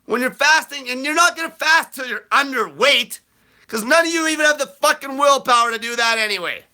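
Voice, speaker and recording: A man with a very high, piercingly sharp voice rants through a live Q&A, blunt and profane. His delivery is aggressive and comes in loud, shouted bursts. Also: brisk. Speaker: host answering viewer questions. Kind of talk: live Q&A rant.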